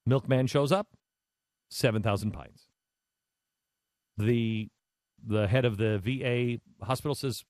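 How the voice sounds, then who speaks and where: A man's voice: mid-range voice, a little slow, pauses often, dry recording, clean studio sound. Man telling a story on talk radio. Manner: conversational, animated, with many restarts. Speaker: radio talk show host.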